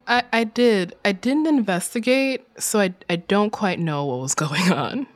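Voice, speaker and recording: Animated, giggly young woman podcaster. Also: medium pitch, unhurried. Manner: giggly, animated, swears casually. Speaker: podcast co-host. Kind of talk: casual podcast chat.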